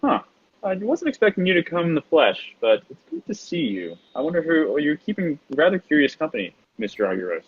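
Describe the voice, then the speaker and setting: A man's voice: a little high, wildly swooping pitch, brisk, husky, highs cut off, voice pushed up, full character voice. A man voicing a self-assured female spy who teases and talks down to others. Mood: mocking. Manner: teasing, condescending.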